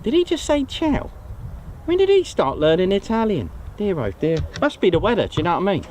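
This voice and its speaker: A man's voice: high voice, huge pitch swings, fairly quick, darkish tone, slight background noise. A man hosting a live stream outdoors, chatty and teasing, explaining aircraft plainly. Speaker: host of a live plane-spotting stream. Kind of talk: casual live commentary. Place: outdoors at an airfield viewing area.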